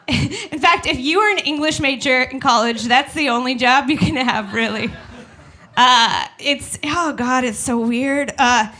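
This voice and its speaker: Young woman, stand-up comedian, high voice, chatty and self-deprecating, acts out quoted voices. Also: bright, forceful tone. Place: small studio with live audience.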